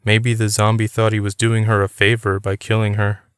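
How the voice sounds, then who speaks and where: A man reads an audiobook in a steady, unhurried way. His voice sits low and sounds smooth and clear. The recording is close and dry, with no room around it. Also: no room sound. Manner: steady, even reading. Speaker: audiobook reader. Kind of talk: audiobook narration.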